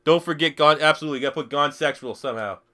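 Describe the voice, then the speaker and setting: A man's voice: a little high, racing, bright, forceful tone. A young man live streaming a football video game, swearing freely, joking and reading chat questions aloud. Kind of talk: casual live stream commentary.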